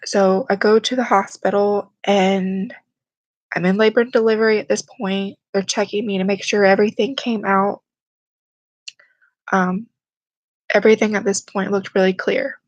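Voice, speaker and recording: A young vlogger tells a personal story to camera, speaking quietly and haltingly as she holds back tears. Her medium-pitched voice stays flat and level with little rise or fall, and the lo-fi sound is dry and close, without room echo.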